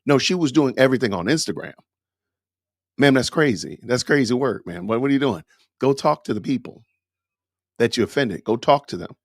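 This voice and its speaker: A man's voice: medium pitch, expressive, brisk, pauses often, dry recording, studio quality. Emphatic man scolding on a podcast. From Atlanta. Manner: emphatic, scolding, preacher-like cadence. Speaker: podcast host. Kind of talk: commentary on a news clip.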